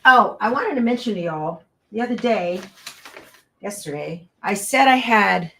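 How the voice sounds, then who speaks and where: A woman's voice: mid-range voice, expressive, a little slow, creaky, sharp tone. Brief: woman host, casual and chatty, talks to herself while tidying, earbud mic, light background noise. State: out of breath at times. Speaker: quilting show host. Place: craft room at home.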